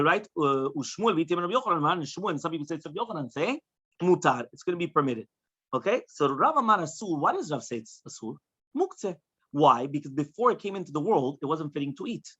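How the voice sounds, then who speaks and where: A man with a fairly high voice rattles through a Talmud class at a brisk clip. He translates phrase by phrase and checks in with his students as he goes. The dull, lo-fi recording sounds like a class taped in the room. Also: sharp tone, husky. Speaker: rabbi teaching Talmud. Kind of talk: Talmud study lecture.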